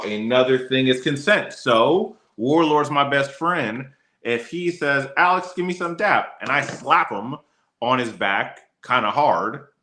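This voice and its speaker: Male attorney, casual lesson host, bright tone, echoey room. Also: medium pitch. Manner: casual, chatty, addresses his co-host by name often. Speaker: attorney teaching law. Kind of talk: casual livestream law lesson.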